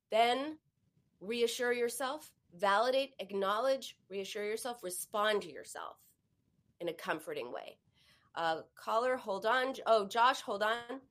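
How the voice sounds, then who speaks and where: A woman hosting a live advice show, coaching listeners and acting out the ways people talk to themselves. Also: mid-range voice. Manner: warm coaching tone, acts out quoted self-talk. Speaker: host giving eating advice.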